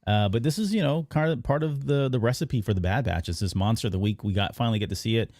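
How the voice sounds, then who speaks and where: A man hosting a podcast, casually recapping an animated episode in a rambling way. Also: medium pitch, quick pace, no echo, studio quality. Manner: rambling recap with many fillers and restarts. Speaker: podcast host. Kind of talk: casual episode breakdown chat.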